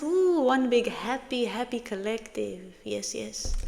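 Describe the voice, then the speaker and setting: A woman giving a casual, playful spiritual message as a channeler, soothing and warm in her words, with bursts of laughter. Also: a little high, lively intonation, slow pace, creaky, few pauses, in a large hall.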